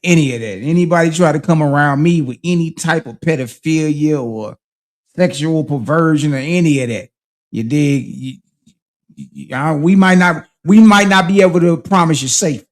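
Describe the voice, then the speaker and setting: Man with a higher voice, streetwise commentary. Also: normal speed. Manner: conversational, rhetorical "huh?" check-ins to listeners; streetwise slang, emphatic. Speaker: host. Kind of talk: casual reading and commentary on a religious book.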